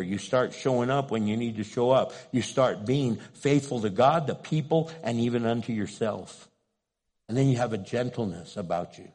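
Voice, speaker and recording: A man who is a pastor, preaching a sermon with passion, rising to loud pleading and dropping to hushed asides. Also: mid-range voice.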